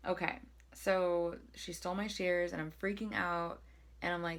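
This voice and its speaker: A young woman vlogging in a casual, chatty way, her voice sitting a little low for a woman. She talks loosely and pokes fun at herself, with plenty of fillers. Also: fairly even intonation, measured pace. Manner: chatty and self-deprecating, with frequent fillers. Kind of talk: casual self-help talk to camera.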